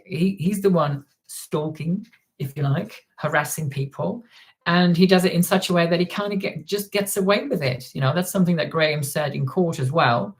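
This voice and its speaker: Dutch-accented male streamer, relaxed chat, thanks donors between stories. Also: a little high. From Netherlands. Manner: recounts events while reading viewer donations and comments. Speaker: livestream host. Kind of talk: casual livestream chat.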